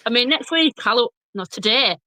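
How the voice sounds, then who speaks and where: Telling ghost stories from her childhood, a chatty guest laughs often in a casual storytelling chat. She's a blogger and journalist in her thirties from Bradford, Yorkshire, with a broad accent, and her a-little-high voice is pushed and bright, lively in intonation and fairly quick. The recording is dry.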